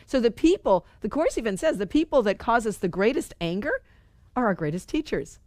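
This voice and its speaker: A woman's voice: fairly high pitch, sing-song, brisk, darkish tone, no room sound, clean studio sound. A middle-aged woman leading a spiritual study group, talking earnestly and conversationally and repeating phrases for emphasis. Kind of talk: spiritual teaching talk.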